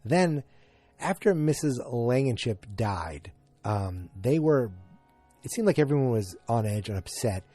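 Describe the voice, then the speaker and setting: A man's voice: mid-range voice, sing-song, unhurried, mellow, no room sound, faint music behind. A man hosting a podcast, casually recapping a TV episode in a rambling way, with many fillers and restarts. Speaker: podcast host.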